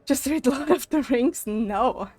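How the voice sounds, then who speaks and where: Young woman streamer kinda out of breath, walking while talking, highish voice, dry mic. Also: slow, dry recording. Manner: animated, swearing, laughs often. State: slightly out of breath, on a walking pad. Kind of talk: casual chat with live chat.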